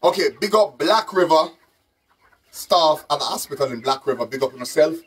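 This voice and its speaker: A man's voice: fairly high pitch, animated, normal speed, slightly rough. A Jamaican man hosting a live stream to sell chickens, talking casually in patois and repeating his phrases.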